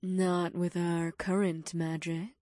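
A male audiobook narrator voicing a sultry, teasing succubus woman in a slow, purring delivery, pitched well above his own voice. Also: fairly even intonation, darkish tone, no echo, studio quality. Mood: smug.

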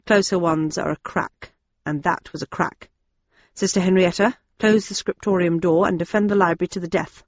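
A woman's voice: fairly low pitch, fairly even intonation, moderate pace, no room sound, muffled recording. A woman reading the part of a dry-witted, unflappable old nun in an audiobook. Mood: wry.

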